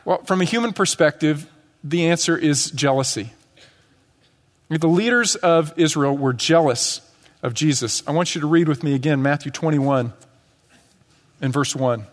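Pastor, man, fairly high voice, conversational sermon with acted-out bits, church hall reverb. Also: normal speed, pauses often. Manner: conversational preaching with acted-out quotes. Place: church sanctuary.

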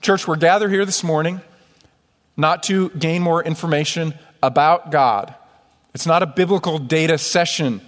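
A man's voice: on the high side, moderate pace. A man from upstate New York preaching a sermon as pastor, conversational and self-deprecating, in a church sanctuary. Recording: long church hall reverb.

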